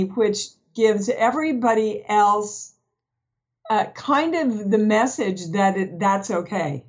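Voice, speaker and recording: A frank woman speaks at a middle pitch, telling stories from her own life in a relaxed film chat. The audio is dull and slightly lo-fi, and her way of talking is plain and unguarded. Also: takes it slowly. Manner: candid, frank storyteller. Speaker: guest actress. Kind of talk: casual film discussion.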